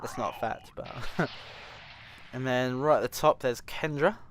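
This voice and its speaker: A British man talks through a game walkthrough in a casual, chuckling way. His voice sits at an ordinary pitch, and gunfire and clear game noise run under it. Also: measured pace. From Britain. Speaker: gaming host. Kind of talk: walkthrough commentary.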